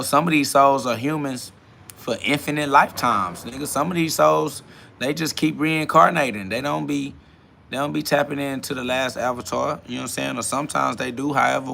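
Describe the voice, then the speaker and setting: A man's voice: mid-range voice, steady tone, fairly quick, gravelly, pushed and bright, a little hiss or hum. A man in his twenties hosting a podcast, rambling in a slangy, profane, casual monologue while reading chat comments aloud. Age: 20s. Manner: rambling, slangy and profane, with frequent "you feel me" fillers. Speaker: podcast host.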